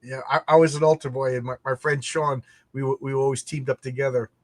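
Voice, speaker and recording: A man telling childhood stories in a casual chat, animated and laughing, often repeating words as he starts a thought. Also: medium pitch, quick pace, no echo. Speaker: podcast host.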